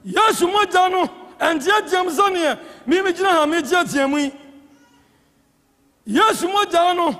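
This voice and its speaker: A man with a Ghanaian accent preaching a sermon as presiding elder, swinging between impassioned shouts and hushed tones. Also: very high-pitched, expressive, normal speed. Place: church hall. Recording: church hall with long reverb.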